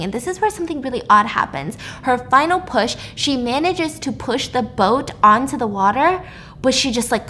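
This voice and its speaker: A young woman YouTuber casually recapping a film's plot in a chatty, animated storytelling style. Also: medium pitch.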